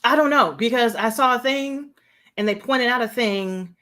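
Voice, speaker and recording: A woman co-hosting a casual show discussion, sassy and quick to laugh, with slangy asides. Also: fairly high pitch, fairly bright tone. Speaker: co-host.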